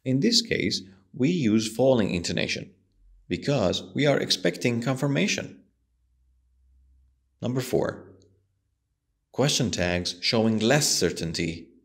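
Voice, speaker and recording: A man teaching an English lesson, explaining patiently and slowly with a strongly rising and falling voice. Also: mid-range voice, sing-song.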